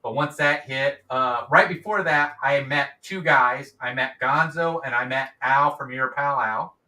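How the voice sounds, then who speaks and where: Middle-aged male guest, bright voice, distant mic in an echoey room, rambly. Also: mid-range voice, measured pace. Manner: rambling, many restarts and fillers. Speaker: guest, YouTube creator. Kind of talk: casual interview chat.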